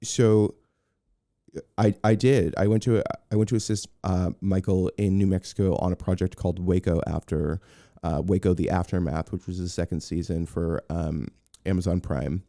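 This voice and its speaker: A low-voiced man with vocal fry, speaking at a moderate pace, is a guest on a podcast, telling a story in casual conversation. He's animated, acts out what people said, and restarts his sentences often. The studio recording is clean, with no echo.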